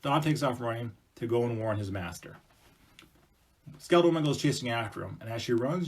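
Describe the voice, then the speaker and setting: Husky-voiced chatty male storyteller. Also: medium pitch, expressive, fairly quick. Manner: chatty, conversational, with asides to the listener. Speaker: storyteller presenting to schools. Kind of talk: casual oral storytelling.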